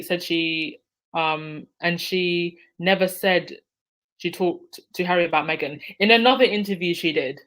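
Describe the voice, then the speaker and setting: A woman's voice: on the low side, fairly bright tone, poor audio. A woman hosting a casual live stream, reading out viewer comments and answering them by name, laughing often. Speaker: livestream host reading chat.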